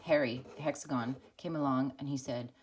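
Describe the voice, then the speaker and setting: A woman's voice: extremely low pitch, fairly even intonation, fairly quick, darkish tone, slight background noise. A woman teacher telling a playful, casual math story for a lesson. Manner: casual, playful, full of like and dude.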